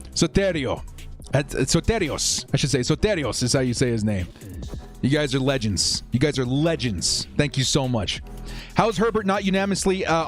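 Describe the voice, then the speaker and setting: A young man hosting a live watch-party stream, chatting with viewers and getting excited over each play. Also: on the high side.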